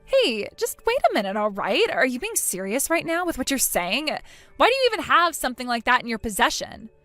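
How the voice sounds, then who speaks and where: A spiteful young sister of the groom , played by a woman, taunts and whines in a high, very lively voice. The sound is dry and close. Faint music runs beneath. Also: fairly quick, no room sound, heavily acted. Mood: dismissive. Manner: mocking, whiny, petulant. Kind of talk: voiced text-story drama.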